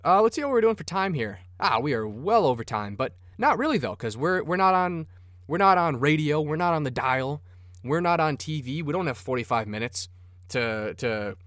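This Minnesota sports podcast host has a voice on the high side, very animated, fairly bright, and at normal speed. He rambles enthusiastically and swears freely, recorded with studio quality and no echo.

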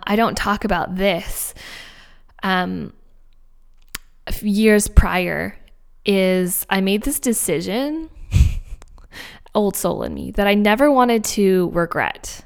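A woman hosting a podcast, telling a personal story in an animated, emphatic way with fillers and laughs, recorded at a home office mic. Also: medium pitch, gravelly. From Canada. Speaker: podcast host. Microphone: home office microphone.

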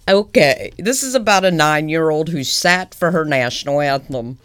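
A woman's voice: low voice, moderate pace, a bit bright, clear, resonant tone. A woman co-hosting a casual podcast, playful and opinionated, laughing often as she reads out a news story. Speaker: podcast co-host.

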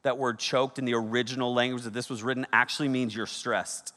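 A man in his thirties preaching a sermon, telling stories with energy that swings from loud bursts to hushed, serious points. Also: mid-range voice, flat delivery, fairly quick. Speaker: pastor. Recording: long hall reverb.

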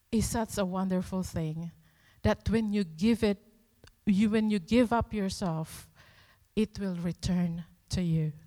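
Lady preacher, slow and earnest, asks lots of questions, big echoey church sound. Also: mid-range voice, darkish tone. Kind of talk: sermon.

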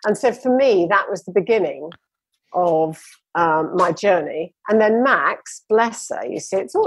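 A woman's voice: medium pitch, breathy edge, dry recording. A woman telling her running story with enthusiasm, rambling a little as a guest in a conversation. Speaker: interview guest.

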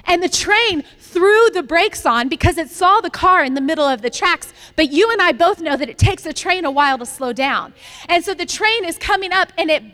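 Woman pastor, high-pitched, preaching with long hall reverb. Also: a bit bright. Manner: storytelling, building to emphatic repeated lines. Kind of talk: sermon.

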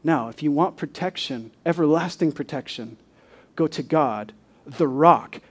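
A man's voice: on the high side, normal speed. A male pastor preaching a sermon, building to emphatic rhetorical questions and reading scripture aloud.

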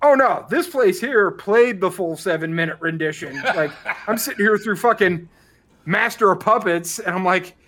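A man's voice: high voice, moderate pace, fairly bright tone, slight background noise. An American man on a podcast telling a story in casual chat, acting out the people he quotes and swearing freely. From United States. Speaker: podcast co-host.

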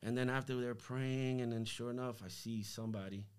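A man giving a casual faith testimony as a podcast guest, slangy and animated, acting out what people said to him. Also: medium pitch, a little fast, smooth. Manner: animated, slangy, acts out quoted dialogue.

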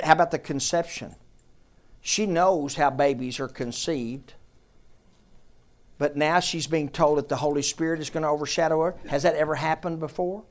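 A man pastor giving a conversational sermon in church, repeating his questions and drawing answers from the congregation. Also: a little high. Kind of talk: interactive sermon.

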